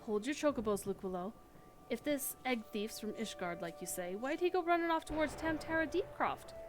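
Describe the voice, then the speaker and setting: A woman's voice: on the high side, expressive, moderate pace, soft background music, voice pushed up, close to an everyday voice. A woman reading the part of a plain-spoken country rancher woman from a game, in folksy speech. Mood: wry.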